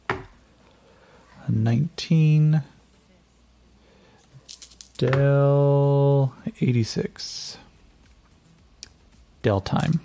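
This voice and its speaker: A man running a tabletop game as game master, narrating in a relaxed, rambling way with many fillers and self-corrections. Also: mid-range voice.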